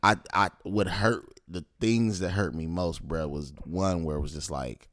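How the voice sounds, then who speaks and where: A man's voice: sits low, unhurried, a bit bright, dry recording, studio quality. A young man in a casual chat, telling a heated story in slang with lots of fillers.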